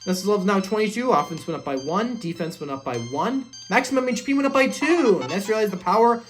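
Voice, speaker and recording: A woman's voice: medium pitch, lively intonation, a little fast, few pauses, faint music behind. A woman playing through a video game, reading the text aloud and reacting. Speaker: game streamer.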